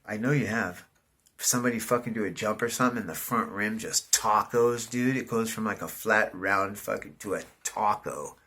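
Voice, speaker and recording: Middle-aged man, casual vlogger, animated and profane storyteller. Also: lowish voice, moderate pace, slightly rough. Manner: profane, rambling, says "dude" constantly; animated, voice jumps up in excitement.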